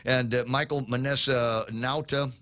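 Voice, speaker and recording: A man's voice: mid-range voice, steady tone, measured pace, fairly bright tone. A man hosting a morning radio talk show, rambling casually with many restarts and reading out listener comments. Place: radio studio.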